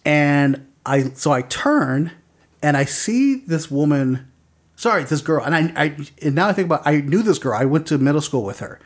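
A man's voice: fairly high pitch, lively intonation, normal speed. A man hosting a casual podcast, telling stories in a rambling way with lots of fillers and chuckles. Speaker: podcast host.

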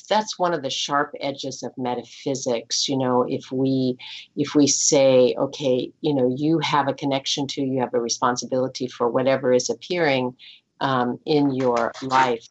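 A woman's voice: extremely low pitch, fairly even intonation, measured pace, lo-fi sound. A woman minister in casual spiritual conversation, speaking thoughtfully with frequent fillers. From United States.

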